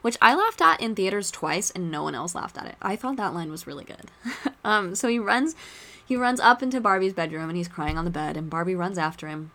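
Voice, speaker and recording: A woman hosting a casual podcast at a middle pitch, talking in a loose, chatty way. She retells scenes and drops quick asides of her own. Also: animated, a bit bright. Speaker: podcast host.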